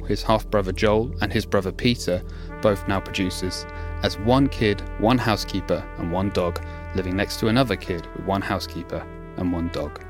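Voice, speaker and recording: A man hosting a podcast, reading a scripted narration in a measured way. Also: fairly low pitch. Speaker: podcast host.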